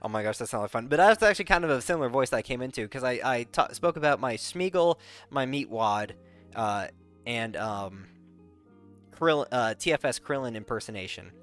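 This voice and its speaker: A man chats through a casual recap with a smooth, clear voice that swings around lively in pitch. He rambles, stumbles over restarts and fillers, and laughs easily. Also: normal speed. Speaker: content creator. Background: faint background music.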